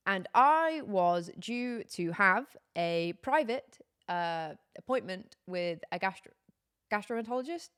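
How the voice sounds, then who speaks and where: A woman's voice: medium pitch, fairly bright tone, clear, resonant tone. Young woman streaming, just chatting, candid and a bit wry, laughs stuff off. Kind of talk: casual chat to stream viewers.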